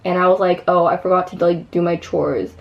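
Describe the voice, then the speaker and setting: A woman's voice: lowish voice, fairly even intonation, fairly quick, vocal fry, dull audio. Chatty young woman vlogger full of "like". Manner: chatty, many "like" fillers, re-enacts her own screams. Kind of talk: casual storytelling vlog. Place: at home.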